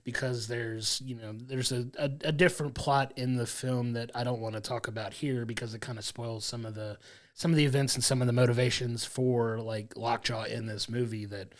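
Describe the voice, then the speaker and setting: A man with a medium-pitched, fairly even voice talks fairly quickly as he co-hosts a podcast. He chats casually and eagerly about a film in long, rambling sentences, laughing along as he goes.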